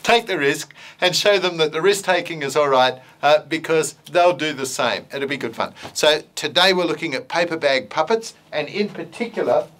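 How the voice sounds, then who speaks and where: A man's voice: fairly high pitch, moderate pace, few pauses, a bit bright. A male educator giving an informal talk on using puppets in teaching, playful and full of fillers and hesitations, then telling a simple story.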